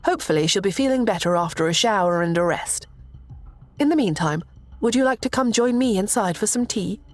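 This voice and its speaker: A woman voicing a gracious young princess who speaks politely and soothingly, pitched higher than her narration. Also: lively intonation, fairly quick, faint music behind, close to an everyday voice. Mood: apologetic.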